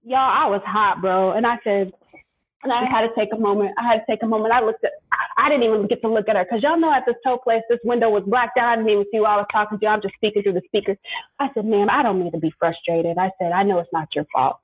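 A woman guest venting through an animated story in casual chat, with emphatic, colloquial asides. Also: on the high side, fast, breathy edge. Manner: emphatic, vents with colloquial asides and quoted exchanges. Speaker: podcast guest. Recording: phone-like, narrow sound.

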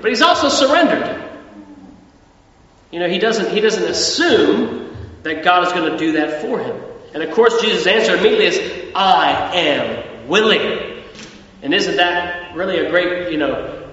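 A man's voice: high voice, fairly bright tone. A man preaching a conversational sermon as pastor, repeating words and using many fillers. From Australia. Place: church. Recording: echoey hall from far off, dull sound.

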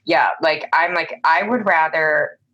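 Young woman w a low voice, casual podcast chat, lots of likes, swears a bit. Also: a little slow, dull audio. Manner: animated, swearing, lots of fillers. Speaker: podcast co-host.

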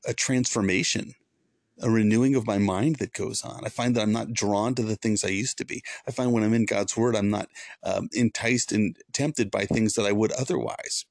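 Former pastor hosting a faith podcast: earnest, repetitive, gravelly lower voice. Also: male voice, steady tone, normal speed, a little mellow, no echo, clean studio sound. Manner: earnest, preachy, repeats for emphasis. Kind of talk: devotional podcast talk.

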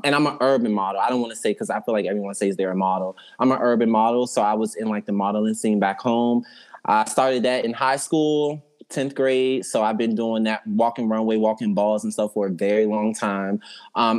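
Relaxed young man guesting on a podcast. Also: on the low side. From DMV area, US. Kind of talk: casual podcast chat.

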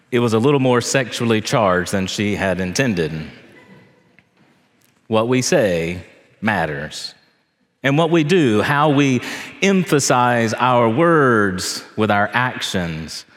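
A middle-aged man, a priest, delivering a sermon in a slow, deliberate way with measured pauses. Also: medium pitch. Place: church. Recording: long reverb of a church hall.

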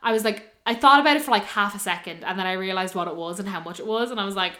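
A woman's voice: mid-range voice, very fast. A young woman, casually telling a story and acting out the voices of the people in it. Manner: animated, quoting others in lively voices.

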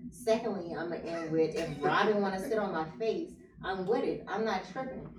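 A woman's voice: fairly low pitch, fairly quick, roomy sound, recorded from a distance, a loud crowd. A woman guest on a podcast, blunt and profane, talking over others in heated casual chat.

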